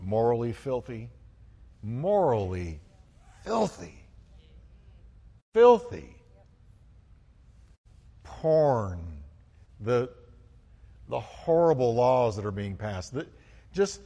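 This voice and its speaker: A pastor delivers a sermon with fervent conviction, his middle-pitched voice rising into loud bursts of praise. He calls on the congregation to respond and join in. The sanctuary adds a long reverb.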